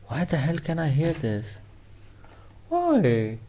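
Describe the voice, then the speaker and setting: A man's voice: a little high, wildly swooping pitch, slow pace, dark tone, slight background noise. A man teaching a casual coding tutorial, rambling and swearing freely as he jokes with himself. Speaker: programming tutor.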